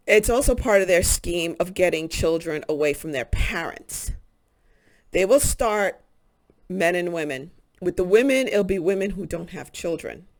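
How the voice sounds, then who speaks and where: Slow, earnest woman in a monologue. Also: mid-range voice. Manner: earnest, halting, with frequent pauses and fillers. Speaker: spiritual channel host. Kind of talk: casual monologue to camera.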